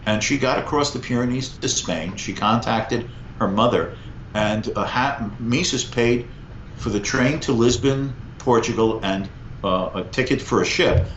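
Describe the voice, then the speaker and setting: A man in his sixties, a guest professor, telling historical anecdotes in an animated conversational interview. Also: medium pitch, unhurried, a little hiss or hum. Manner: animated anecdote teller, lively vocal emphasis. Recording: echoey, slightly muffled room.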